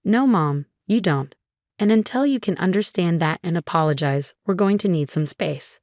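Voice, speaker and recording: A woman's voice: lowish voice, expressive, normal speed, a little mellow, no echo, studio quality. A woman voicing a young husband who speaks firmly and coldly to his mother. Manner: firm, cold.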